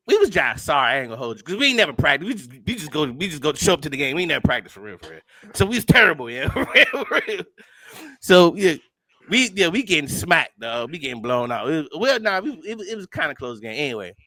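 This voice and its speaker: A man's voice: fairly high pitch, big pitch swings, fast talker, bright, forceful tone, dry recording. A man co-hosting a podcast, telling stories in laid-back slangy casual chat and laughing often. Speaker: podcast co-host.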